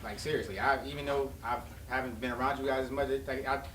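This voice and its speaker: A man telling stories in a casual podcast chat, animated with loud bursts and many restarts. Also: mid-range voice, quick pace, crowd noise. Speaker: podcast guest. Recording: roomy, distant mic, faint noise.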